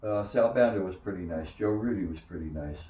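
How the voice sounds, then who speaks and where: An older man recalling his days as a minor league pitcher, telling stories and acting out the voices of others. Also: brisk, muffled recording. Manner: animated storyteller who acts out quoted voices. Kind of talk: storytelling interview. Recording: echoey room, distant mic.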